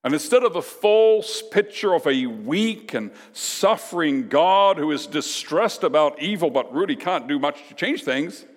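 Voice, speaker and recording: A man preaching a sermon as pastor, emphatic, with dramatic pauses and repeated lines. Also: on the high side, expressive, in a large hall.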